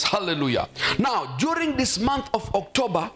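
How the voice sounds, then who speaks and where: Man, pastor, sermon, high voice, faint music behind. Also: sing-song, moderate pace, fairly bright tone. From South Africa. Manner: emphatic preaching with repeated hallelujahs and exhortations.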